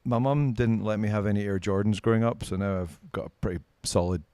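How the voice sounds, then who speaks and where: A man's voice: fairly low pitch, a little fast, mellow, no echo. A man with a Scottish accent, a podcast guest telling stories in casual chat, swearing and self-mocking. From Scotland. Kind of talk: casual storytelling.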